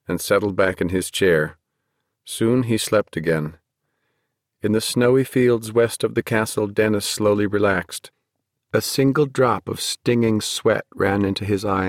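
A man narrating a fantasy novel at a measured, steady pace. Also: on the low side, dry recording, clean studio sound. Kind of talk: audiobook narration.

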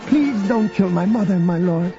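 A man's voice: sits high, expressive, normal speed, pitched above the performer's own voice. A man voicing a young boy who is loyal, confused and pleading, with a raised voice. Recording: dull lo-fi audio with music.

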